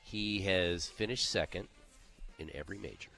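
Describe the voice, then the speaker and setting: A man's voice: low-pitched, moderate pace, gravelly, sharp tone, soft background music. A man co-hosting a casual talk show, running through golf scores in an easygoing way with fillers. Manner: runs down leaderboard, conversational with fillers. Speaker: co-host.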